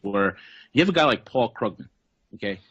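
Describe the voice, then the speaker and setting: A man's voice: lowish voice, lively intonation, normal speed, fairly bright tone, dull audio, a little hiss or hum. A man hosting an interview, intense and stammering as he repeats words. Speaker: interview host. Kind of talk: interview conversation.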